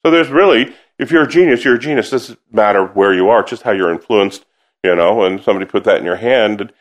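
A man's voice: on the low side, fast. A man from the American South, an opera singer, chatting casually in an interview and telling stories full of restarts. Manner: chatty, laughing storyteller with many restarts.

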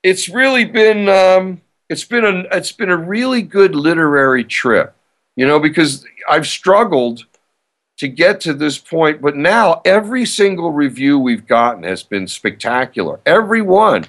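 A man's voice: a little high, a bit bright. An older man, an author and radio host, talking casually and eagerly in a podcast interview, with frequent restarts. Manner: chatty, self-promoting, frequent restarts.

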